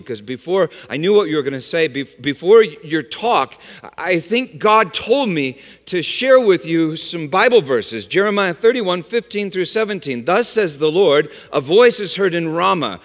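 A man's voice: very animated, normal speed, a bit bright. A middle-aged man preaching a sermon, telling a story and weaving in scripture references. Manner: storytelling with scripture references, pitch rising and falling widely. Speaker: pastor. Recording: long hall reverb.

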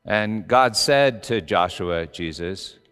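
Man, very low resonant voice, conversational sermon, long hall reverb, faint music behind. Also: lively intonation, slow pace, fairly bright tone, clear, resonant tone. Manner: conversational, explaining. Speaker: pastor. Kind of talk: sermon before communion.

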